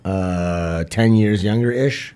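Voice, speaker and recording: A man's voice: deep voice, slow pace, mellow, smooth. A man hosting a live stream, trading crude jokes and banter with a co-host. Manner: joking, vulgar, mimics voices.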